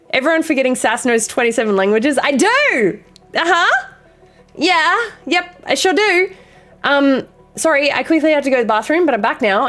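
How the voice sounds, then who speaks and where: A woman hosting a live stream, chatting casually with her viewers, excitable and swearing freely as she greets them by name. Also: a little high. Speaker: livestream host.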